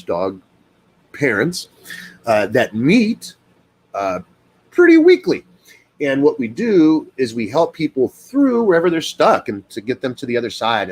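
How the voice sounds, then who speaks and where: A man hosting a casual live stream as a dog trainer, talking to viewers in an animated, fired-up way with plenty of fillers. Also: medium pitch, husky.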